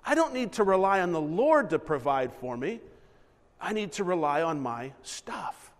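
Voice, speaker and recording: A man's voice: high-pitched, big pitch swings, moderate pace, in a large hall. A man preaching a sermon in a conversational style, acting out little asides and correcting himself mid-sentence. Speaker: pastor.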